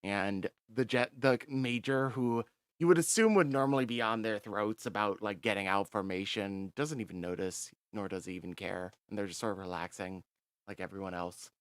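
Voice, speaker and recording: A man's voice: on the low side, normal speed, clear, resonant tone, no echo, studio quality. A man narrating as game master in a tabletop game, laid-back and chatty.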